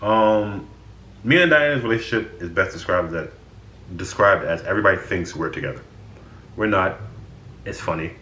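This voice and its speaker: A man with a low, bright-edged voice tells stories about his friends with lots of swing in his pitch. He sounds exasperated and swears freely, and the recording has a noticeable room echo. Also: lively intonation, normal speed, long pauses. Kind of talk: casual storytelling.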